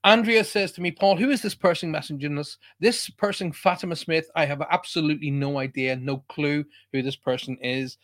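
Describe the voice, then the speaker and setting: A man's voice: fairly high pitch, fairly quick, few pauses, fairly bright tone. An Irish man hosting a live online show, chatting casually and greeting viewers by name. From Ireland. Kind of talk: casual live-stream chat.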